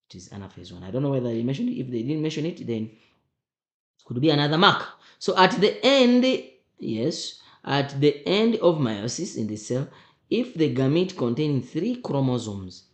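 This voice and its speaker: A teacher going through exam questions, emphatic and often repeating questions back to the class. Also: medium pitch. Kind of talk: exam revision lesson. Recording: roomy echo.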